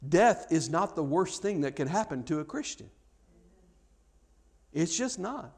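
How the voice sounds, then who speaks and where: A man's voice: a little high, sing-song, a little slow, husky. A man preaching a sermon, telling a story with acted-out dialogue and frequent stammered repeats.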